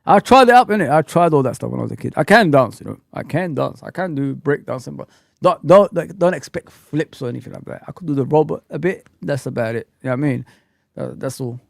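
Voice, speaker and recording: A man hosting a casual livestream chat, talking in an animated, rambling, slangy way. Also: mid-range voice, fast talker, gravelly, no room sound, clean studio sound. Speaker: host.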